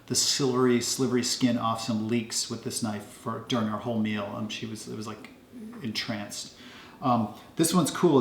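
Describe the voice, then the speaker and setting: A man casually showing off his kitchen knives at home, talking in a relaxed, rambling way with lots of ums. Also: medium pitch, reverberant, a little hiss or hum. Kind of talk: casual show-and-tell.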